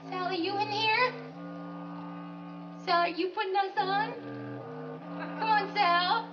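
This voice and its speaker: An actress playing an anxious young wife in a 1960s sitcom. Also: female voice, very high voice, fairly even intonation, slow pace, lo-fi sound, very noisy. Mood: worried. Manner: pleading, breathless worry. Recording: distant, roomy old TV sound with laugh track.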